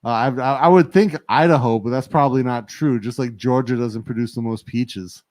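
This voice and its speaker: A man's voice: medium pitch, a little fast, a little mellow, no echo. A man co-hosting a casual studio livestream, joking, laughing often and reading viewer comments aloud. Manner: joking, laughs often, mimics accents in quotes. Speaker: livestream co-host.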